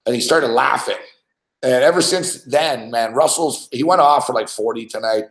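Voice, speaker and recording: A man hosting a sports podcast, ranting casually with swearing and laughter, and getting excited as he recounts plays. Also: medium pitch, moderate pace, creaky, reverberant, rough recording. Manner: profane, laughing, gets excited over plays. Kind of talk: casual sports talk rant.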